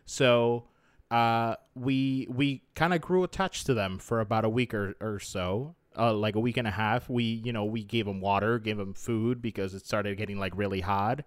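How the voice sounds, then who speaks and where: A man's voice: fairly low pitch, normal speed, smooth, dry recording. Hesitant man in casual chat. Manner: hesitant, with many fillers and restarts.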